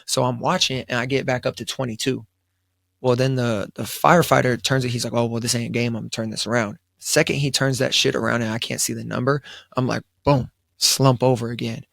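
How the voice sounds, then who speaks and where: A young man with a drawl and a gravelly, fry-edged voice tells a long personal story at a podcast table. He speaks at an ordinary pitch, quoting himself with lots of "I was like" and restarts. The sound is dry and close. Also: flat delivery, brisk, fairly bright tone, no echo. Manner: laid-back storytelling, quoting himself, frequent fillers and restarts. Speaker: podcast co-host. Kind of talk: casual storytelling chat. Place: studio around a table.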